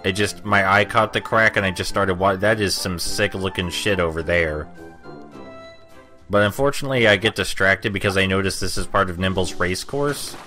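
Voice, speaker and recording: Young male let's-play narrator, low voice, dry sarcastic rambling, soft game music underneath. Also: fairly even intonation, normal speed. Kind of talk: gameplay commentary.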